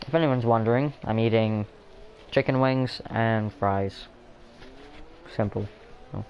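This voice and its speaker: A man's voice: lowish voice, slow pace, muffled recording, a little hiss or hum. A man casually commentating a sim race, rambling and apologetic, snacking between remarks. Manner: rambling, self-deprecating, talks while eating.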